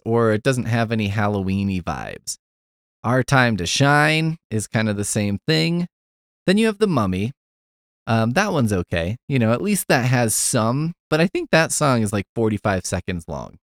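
A man's voice: mid-range voice, very animated, normal speed, dry recording, clean studio sound. A man hosting a podcast, giving a rambling, profane, wry casual review of a film. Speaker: podcast host.

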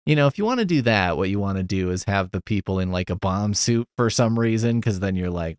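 Male podcast host, low pitch, lively and jokey, quick little character voices, swears freely. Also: dry recording, studio quality. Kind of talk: casual comedic recap.

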